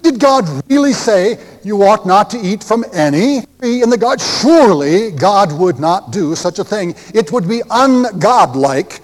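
Crafty, coaxing serpent tempter read by a preacher, high voice, slow and smooth, long hall reverb. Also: male voice, animated. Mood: persuasive. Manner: smooth, persuasive, mock-reasonable.

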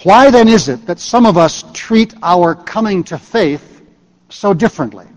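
A man with a high voice preaching a sermon, unhurried and deliberate, and sinking to a quiet hush on his key points. His words carry a long reverb, as though spoken in a large hall. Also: lively intonation. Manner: measured, dropping to soft emphatic low tones at key phrases.

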